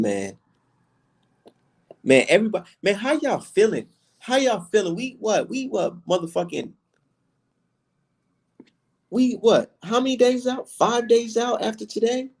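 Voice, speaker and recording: A man's voice: sits high, expressive, normal speed, pauses often, a little mellow, slightly rough. A man hosting a casual boxing livestream, ranting with heavy profanity.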